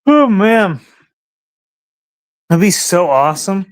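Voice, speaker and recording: A man's voice: high voice, very animated, slow, clean tone, no echo. A man hosting a casual livestream, rambling and musing aloud, sometimes talking to his dog. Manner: rambling, talks to his dog between thoughts. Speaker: livestream host.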